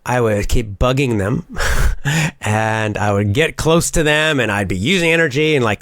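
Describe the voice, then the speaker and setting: A middle-aged man talks casually and with lively energy, as a seasoned teacher and public speaker would. He often stops, restarts and fills gaps with small sounds. His voice sits at an ordinary pitch for a man and is recorded dry, with no room echo. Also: moderate pace. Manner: animated, with many fillers and restarts. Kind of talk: casual spoken monologue.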